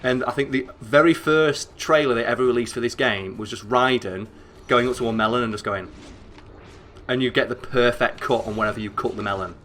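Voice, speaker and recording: A young man with a northern English accent, chatting excitably and swearing as he streams a game, rambling with lots of fillers. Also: medium pitch, fairly quick, a little hiss or hum. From northern England. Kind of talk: casual gameplay commentary.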